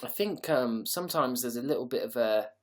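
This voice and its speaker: A young man hosts a casual livestream in an animated, medium-pitched voice, talking a little fast. He rambles and jokes while reading out viewers' comments, swearing plenty along the way.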